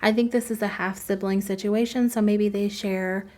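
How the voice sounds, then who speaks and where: A woman in a relaxed voice-over, talking through her build in a chatty, rambling way. She pokes fun at herself and laughs often between thoughts. Her voice sits at a middling pitch, recorded close on a home desk mic. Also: normal speed. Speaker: game build video creator. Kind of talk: casual voice-over commentary.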